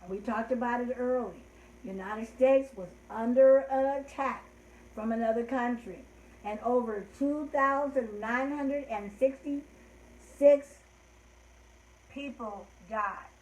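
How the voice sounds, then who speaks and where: Older woman host, gentle and heartfelt, fairly high voice, roomy echo. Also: slow pace. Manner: gentle, heartfelt, trailing off softly. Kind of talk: storytelling and rhymes for children.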